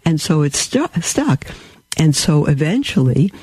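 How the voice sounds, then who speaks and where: A man's voice: a little slow, vocal fry, warm tone, no room sound. A man preaching a sermon, explaining words in a teaching way, often repeating key words. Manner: teaching, repeats key words, rises high when quoting. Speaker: Catholic preacher.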